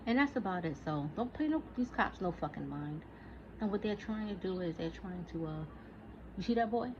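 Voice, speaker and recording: A woman's voice: lowish voice, animated, normal speed. A woman in her forties ranting in a casual monologue, profane and heated, talking back at an imagined listener. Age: 40s. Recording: dull lo-fi recording with faint noise.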